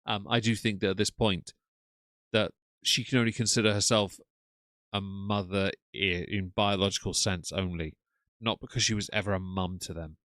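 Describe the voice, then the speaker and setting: A man's voice: fairly low pitch, fairly even intonation, moderate pace, a bit bright, no room sound, studio quality. A man chatting casually on a live stream, reacting to clips and reading out chat names with frequent ums.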